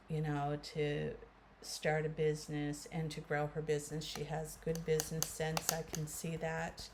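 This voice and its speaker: A woman's voice: sits low, darkish tone, slight background noise. A woman in her fifties with a Canadian accent, chatting casually to viewers through a makeup tutorial. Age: 50s. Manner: chatty, addresses viewers as guys, many fillers. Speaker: beauty vlogger.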